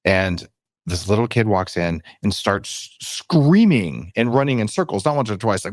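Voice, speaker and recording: A man's voice: unhurried, no echo, clean studio sound. A man in his fifties, a podcast guest, telling candid stories and acting out the voices in them. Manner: animated, acts out quotes and shifts pitch for emphasis. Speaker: podcast guest, biohacking author. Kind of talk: candid interview storytelling.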